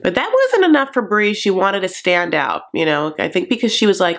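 A man's voice: sits high, big pitch swings, moderate pace, creaky, a bit bright. A man hosting a comedic TV recap, campy and gossipy with sassy asides.

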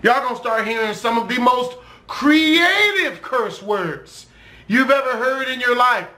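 A young man in an animated, profane, rambling rant as a vlogger talking to camera. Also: very high voice, unhurried, roomy sound.

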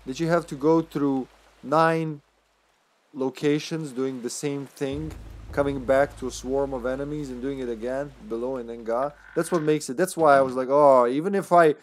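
A man's voice: mid-range voice, fairly even intonation, normal speed, slight background noise. Chatty Serbian-accented man streaming a game. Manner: chatty, laughs often, thinks aloud. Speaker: livestreamer. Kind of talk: casual gameplay commentary.

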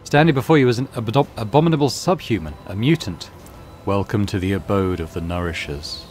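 A man voicing a serene, creepy mutant cult priest in a video game, with a low murmuring delivery. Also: brisk, darkish tone, faint music behind, lightly acted. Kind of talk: reading game dialogue aloud.

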